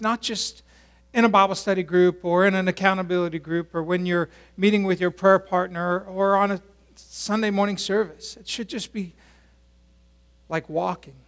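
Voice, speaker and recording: A man's voice: high voice, steady tone, normal speed. A male pastor preaching a sermon at a church service in a conversational way, asking the congregation questions.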